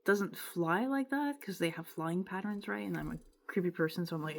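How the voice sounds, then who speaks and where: A woman's voice: lowish voice, fairly quick, gravelly, a bit bright. A young woman from Quebec with a Quebec French accent, telling a rambling, emotional personal story in a casual vlog. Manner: rambling, emotional, with filler words and self-interruptions. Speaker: vlogger.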